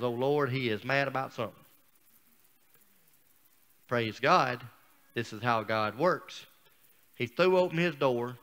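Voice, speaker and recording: A man's voice: mid-range voice, sharp tone, clean tone. A man speaking as a guest preacher, telling a personal story in a folksy, down-home sermon style.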